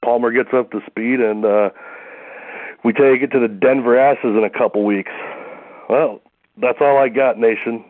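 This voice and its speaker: A man's voice: mid-range voice, fairly even intonation, moderate pace, long pauses. A man leaving a casual, dejected call-in message, with some swearing. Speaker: caller. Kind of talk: voicemail message. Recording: tinny phone line.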